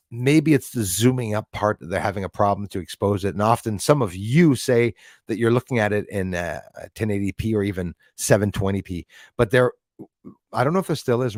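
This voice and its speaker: A man's voice: fairly low pitch, dry recording, clean studio sound. Rambling man hosting a live stream. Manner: rambling, reads out and thanks chat viewers. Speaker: livestream host. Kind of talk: casual live-stream chat.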